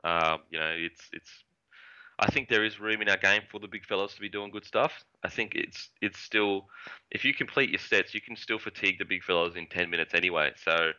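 A man's voice: low voice, fairly quick, pushed and bright, clear, resonant tone, highs cut off. A man, a former rugby league winger, rambling in casual chat and swearing now and then. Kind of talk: casual sports podcast chat.

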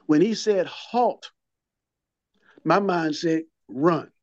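A man's voice: a little high, lively intonation, unhurried, dry recording, muffled recording. A man in his fifties or older, telling his recovery story in an interview, a vivid storyteller who repeats and restarts his words and acts out what people said.

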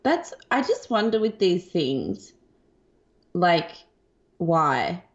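A young woman co-hosting a podcast, chatting in an animated, wry way. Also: on the low side, drawn-out words. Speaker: podcast co-host. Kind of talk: casual chat. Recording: dull lo-fi sound.

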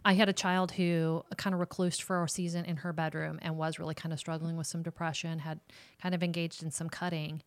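Woman counselor, smooth lowish voice, direct casual talk to parents. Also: level tone, fairly quick, hardly any pauses, no room sound. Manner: warm, direct, talks straight to moms. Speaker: ministry counselor and host.

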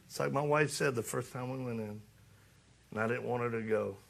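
A middle-aged man giving a sermon-style talk, joking and animated, then urgent and challenging. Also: medium pitch, brisk, creaky. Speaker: speaker.

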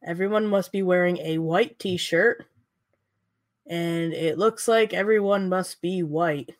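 A woman's voice: lowish voice, slow, no echo. A woman chatting casually as a podcast co-host, making sarcastic, jokey guesses and laughing often. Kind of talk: casual chat, guessing at quiz questions.

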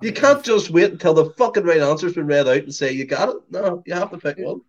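A man teases his friends through a quiz, mock-scolding them with a lively, rising and falling voice set a little high. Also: fairly quick, highs cut off. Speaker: podcast co-host and quiz player. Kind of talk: casual podcast chat.

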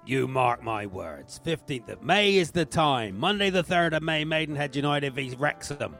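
A man puts on a cheeky Cockney football manager who thinks he is a triple agent. He talks in a boastful, chirpy way, full of slang. His pitch swings a lot and sits a little high. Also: expressive, normal speed, a bit bright, faint music behind. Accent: put-on Cockney.

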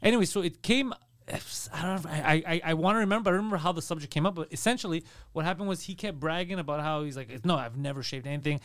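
A man hosting a podcast, telling a story in casual chat with animated, loud bursts. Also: fairly high pitch, racing, no echo, studio quality. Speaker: podcast host.

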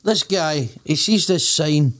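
A man's voice: a little high, takes it slowly. A man with a Scottish accent, a comedian guest on a podcast, joking and telling long stories. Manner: joking, animated storyteller. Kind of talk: casual podcast chat.

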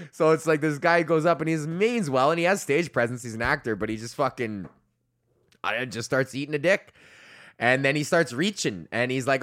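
A man's voice: medium pitch, moderate pace, fairly bright tone. A young man hosting his own comedy podcast, ranting in a rambling, profane way, laughing often and slipping into mock voices. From Canada. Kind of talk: solo comedic rant.

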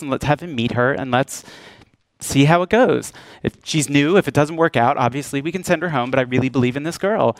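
A man tells a story from his working life in a speech at an event, playing out each quoted exchange as he goes. His voice sits in a middle pitch range. The sound is dry, with almost no room around it. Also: clear, resonant tone, no echo. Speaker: casting director. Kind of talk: public speech. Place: event stage.

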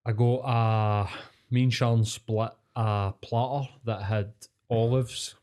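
A Scottish man, a podcast co-host, telling a story in casual chat, swearing freely and getting animated. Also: mid-range voice, takes it slowly, smooth.

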